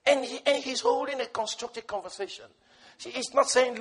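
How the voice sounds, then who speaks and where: High-pitched impassioned preacher, man. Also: brisk, husky. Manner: impassioned, shouting bursts and sudden hushed asides; storytelling with laughter. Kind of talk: sermon.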